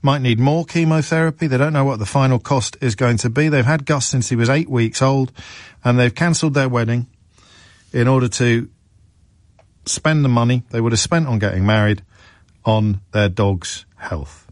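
A man's voice: medium pitch, normal speed, no room sound. Chatty middle-aged English man, rambling. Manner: rambling, self-deprecating, frequent restarts. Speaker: radio presenter. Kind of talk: conversational monologue.

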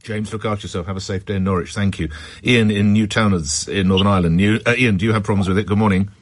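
A man hosts a radio phone-in in a lowish voice, talking fast and chatty. He moves callers along briskly and cuts in often. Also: steady tone. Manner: brisk, chatty, quick to cut in.

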